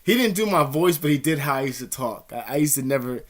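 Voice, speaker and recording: A man's voice: mid-range voice, lively intonation, quick pace. Profane rambling man telling stories. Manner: profane, laughs often, imitates others mid-story. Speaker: vlogger. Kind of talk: rambling casual monologue.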